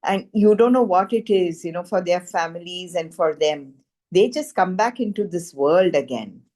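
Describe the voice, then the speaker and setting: A woman's voice: fairly low pitch, normal speed. Earnest woman. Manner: earnest, animated, frequent "you know" fillers. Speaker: frequency healing practitioner. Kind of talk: personal testimonial storytelling.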